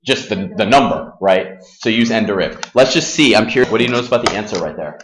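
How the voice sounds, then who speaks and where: A man teaching a calculus class in a classroom, casual and self-deprecating, firing quick questions at his students. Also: lowish voice, expressive. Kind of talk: classroom math lesson.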